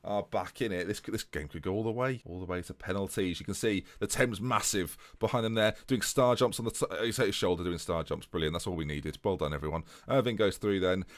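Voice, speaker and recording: A man's voice: low voice, fairly quick, hardly any pauses, no room sound. A young man giving chatty, jokey play-by-play commentary on a football management game.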